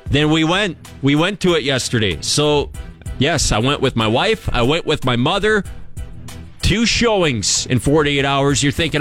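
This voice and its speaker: A man's voice: medium pitch, animated, moderate pace, a bit bright, faint music behind. A young man from Canada hosting a sports radio show, chatting casually and joking at his own expense. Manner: chatty, joking, self-deprecating.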